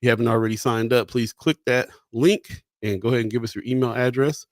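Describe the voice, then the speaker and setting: A man's voice: medium pitch, fairly even intonation, quick pace, no room sound, clean studio sound. Upbeat man opening a talk show. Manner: upbeat, greets listeners and hands off to his co-host. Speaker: host of a community talk show. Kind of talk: show opening and sign-up plug.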